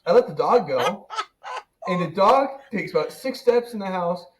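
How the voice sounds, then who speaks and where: A man casually telling a funny work story on a podcast, animated and laughing as it builds. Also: sits high, normal speed, background noise. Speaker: podcast co-host.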